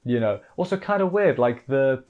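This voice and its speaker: Excitable man reviewing anime. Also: mid-range voice, normal speed, phone-quality sound. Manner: excitable, exasperated, self-interrupting. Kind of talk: casual episode recap review.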